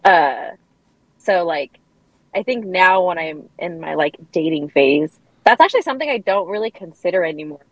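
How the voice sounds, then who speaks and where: A woman's voice: on the low side, animated, normal speed, no echo, low-quality recording. A woman co-hosting a casual podcast, talking candidly and rambling with lots of filler words. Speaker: podcast co-host.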